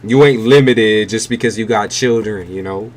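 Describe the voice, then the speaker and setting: A man's voice: lowish voice, moderate pace, slight background noise. A man giving a live-stream tarot reading, blunt and emphatic, with heavy swearing. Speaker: tarot reader.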